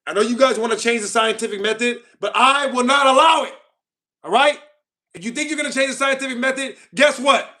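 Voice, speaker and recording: A man's voice: very high voice, fairly quick, pushed and bright. A young man hosting a casual livestream, ranting at and mocking his chat. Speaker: livestream host.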